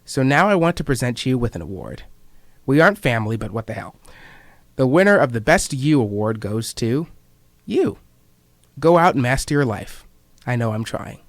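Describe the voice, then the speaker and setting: A man's voice: medium pitch, very animated, moderate pace, pauses often, no echo. Young guy reading his own essay on the radio, wry and reflective, dry studio sound. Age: 20s. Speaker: student writer reading his work. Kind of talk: reading personal essays aloud.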